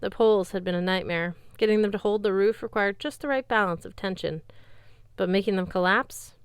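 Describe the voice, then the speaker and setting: A woman reading a fantasy novel aloud as an audiobook narrator, in a lively storytelling way. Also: medium pitch, fairly quick, clean tone, no room sound. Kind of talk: scripted narration.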